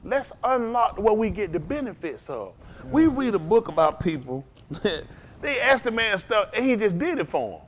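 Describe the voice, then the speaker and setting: A man preaching a sermon, animated and working with call and response, climbing to loud, high peaks. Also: moderate pace.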